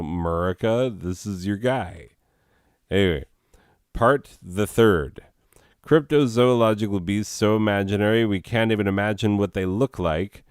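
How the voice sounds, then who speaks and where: A man's voice: sits low, clean tone, dry recording, clean studio sound. A man hosting a comedy video, reading absurd entries and riffing on them with sarcastic, rambling asides.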